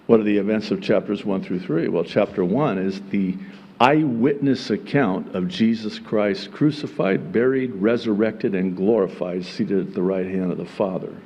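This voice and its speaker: A middle-aged male pastor preaching a sermon, moving between quiet teaching and loud emphatic exclamation, with folksy asides and chuckles. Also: fairly low pitch, normal speed, in a large hall, a little hiss or hum.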